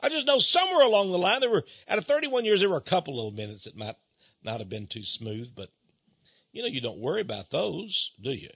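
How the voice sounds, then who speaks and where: A man's voice: mid-range voice, wildly swooping pitch, fairly quick, gravelly, fairly bright tone, slightly rough, no room sound, muffled recording. Impassioned preachy man on radio. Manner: impassioned, preachy, laughs often. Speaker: radio ministry host. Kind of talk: ranting radio monologue. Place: radio studio.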